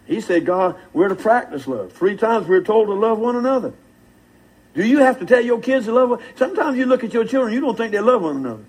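An older preacher with a strikingly high, husky voice. He preaches with folksy fervor and keeps calling out to his listeners for a response. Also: lively intonation, a little fast, darkish tone, rough recording. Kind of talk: sermon.

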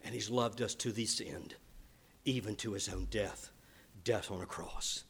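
A man preaching a sermon as pastor, earnest and emphatic, moving between quiet reflection and loud, stressed declarations. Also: fairly low pitch, measured pace, breathy edge.

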